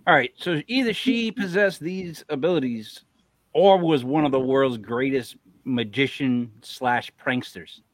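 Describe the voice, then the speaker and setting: A man's voice: mid-range voice, a little slow. A man hosting a casual chat, teasing a guest with skeptical, playful theories.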